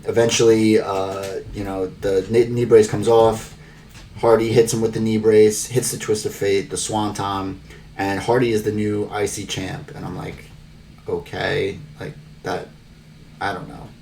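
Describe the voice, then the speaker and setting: Rambling man, low voice, off-mic. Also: darkish tone, recorded from a distance, a little hiss or hum. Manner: rambling, filler-heavy, wry. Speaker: podcast host. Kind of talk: casual wrestling recap.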